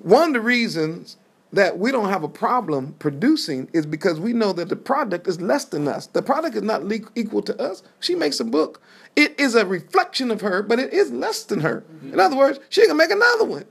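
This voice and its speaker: A folksy, emphatic preacher delivers a sermon-style teaching with a gravelly rasp in the voice. The pitch leaps and dips freely as the story is told through its dialogue, with listeners answering back. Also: very animated, brisk. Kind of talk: sermon-style Bible teaching with call and response.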